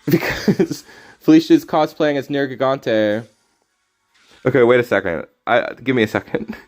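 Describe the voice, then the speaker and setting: A man streaming a card game, chatting casually with his viewers, teasing them and breaking into loud, sudden reactions. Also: mid-range voice, lively intonation, measured pace. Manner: casual, teasing banter with chat. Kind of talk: live game stream commentary.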